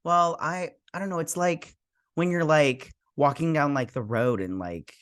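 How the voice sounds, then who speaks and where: A man's voice: a little high, a little slow, a bit bright, clean tone, dry recording, studio quality. Brief: a man sending up a young princess, valley-girl rambler, vague and airy. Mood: vapid. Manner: rambling, filler "like" everywhere.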